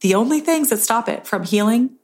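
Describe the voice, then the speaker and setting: A woman's voice: animated, a little fast, darkish tone. A woman hosting a casual solo podcast, talking earnestly about self-love and often tagging her points with "right?". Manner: earnest, self-help tone, frequent "right?" tag questions; acts out inner voices in a higher pitch. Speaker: podcast host.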